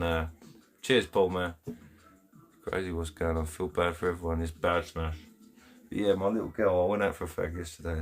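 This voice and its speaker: A man with an English accent hosting a casual live stream, chatting bluntly in heavy slang, laughing often and reading out viewers' comments from his home. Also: on the low side. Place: home, indoors.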